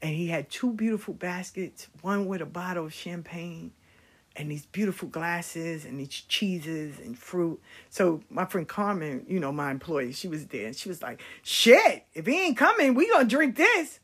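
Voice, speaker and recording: A middle-aged woman telling stories about her life in a casual, blunt and animated way, swearing freely. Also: low voice, moderate pace, husky. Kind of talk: casual storytelling.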